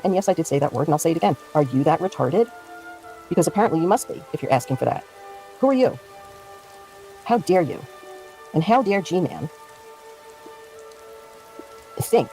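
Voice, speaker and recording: A woman's voice: sits low, warm tone. A woman streamer giving casual livestream commentary, ranting in a heated, indignant and profane way.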